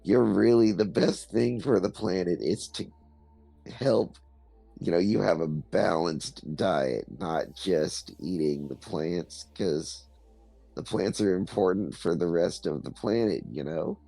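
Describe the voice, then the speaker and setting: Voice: low-pitched, slow pace, gravelly, dark tone, slightly rough, dry recording, faint music behind, full character voice. A player voicing a female tiefling with a man's voice who rambles on, in an improvised tabletop role-play. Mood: earnest. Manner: rambling, drawling.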